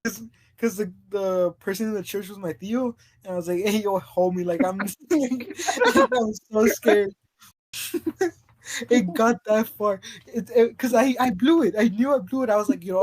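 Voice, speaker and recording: This podcast co-host has a high-pitched, darkish voice and talks fairly quickly. He's chatting casually and telling a story in a meandering way, often restarting his sentences and breaking into laughter.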